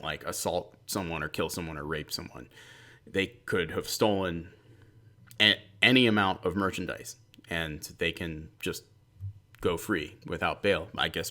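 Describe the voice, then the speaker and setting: A man with a deep, low voice talks to his viewers in a loose, rambling monologue. He drifts off into asides, corrects himself mid-sentence, and keeps the tone chatty and offhand. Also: pushed and bright. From central Pennsylvania. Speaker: vlog host. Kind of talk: casual monologue.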